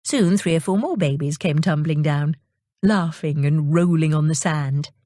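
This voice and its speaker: A woman reading children's stories aloud in a slow, expressive storytelling manner. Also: sits low, dry recording, studio quality. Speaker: audiobook reader.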